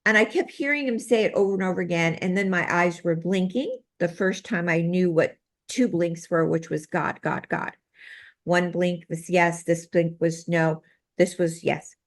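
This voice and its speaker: A woman's voice: lowish voice, normal speed. A woman guest in an interview, telling a personal story in an earnest, matter-of-fact way that rambles with restarts and run-on sentences. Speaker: guest, medical intuitive and healer.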